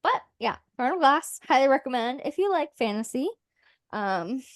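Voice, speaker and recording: A woman co-hosting a casual podcast, with a fairly high voice recorded dry and close. She talks hesitantly, pausing on fillers as she gives her opinions. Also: sing-song, no echo. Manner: hesitant, many fillers while reviewing. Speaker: podcast co-host. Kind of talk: casual chat.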